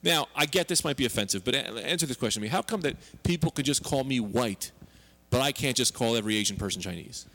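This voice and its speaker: A man's voice: medium pitch, expressive, pushed and bright. A man co-hosting a podcast, telling stories and joking in a brash, casual way. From United States. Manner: brash storytelling, quick joking. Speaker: podcast co-host. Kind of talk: casual comedic chat.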